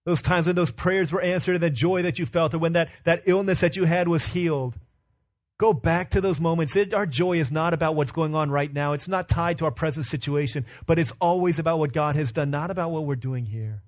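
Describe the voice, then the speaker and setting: A pastor in his thirties preaches an earnest, story-driven sermon, breaking into laughter and acting out the voices in his stories. His voice is fairly high, and he talks a little fast.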